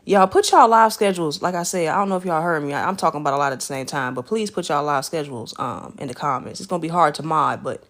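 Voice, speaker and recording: A woman streaming live from her bed at home, greeting viewers by name in animated, slangy casual chat. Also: low-pitched, quick pace, hardly any pauses.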